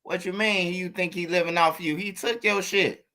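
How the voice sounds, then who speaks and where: Incredulous man with a bright voice. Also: sits high, fairly even intonation, moderate pace. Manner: incredulous, pressing questions. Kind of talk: casual chat.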